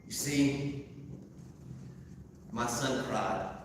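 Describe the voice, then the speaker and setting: Middle-aged pastor in an echoey hall. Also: male voice, mid-range voice, drawn-out words, far from the mic, slight background noise. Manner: storytelling, soft and hushed at sad moments. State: sick with a sinus infection. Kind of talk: sermon.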